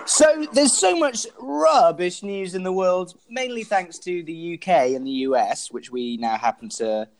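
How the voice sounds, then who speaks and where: Welsh male co-host, animated pitch, laughs a lot, casual storyteller. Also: a little slow, hardly any pauses, faint music behind. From Wales. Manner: laughs often, lively storytelling. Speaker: podcast co-host. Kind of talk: casual comedic chat.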